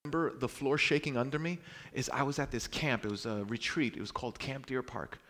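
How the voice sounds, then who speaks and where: Young male preacher from Brooklyn, mid-pitched voice, animated sermon delivery that swings from loud to hushed. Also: fairly quick. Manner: animated storytelling, swings between loud exclamations and hushed lines.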